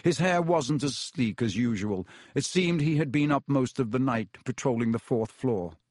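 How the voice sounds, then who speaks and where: Brief: male audiobook narrator, mid pitch, measured, dry close mic. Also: expressive, a little mellow, no echo. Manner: measured storytelling. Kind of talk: scripted narration.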